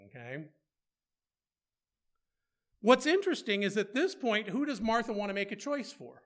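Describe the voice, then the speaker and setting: A man's voice: sits high, big pitch swings, normal speed, long pauses, fairly bright tone. A man preaching a conversational sermon, asking rhetorical questions and slipping in playful asides.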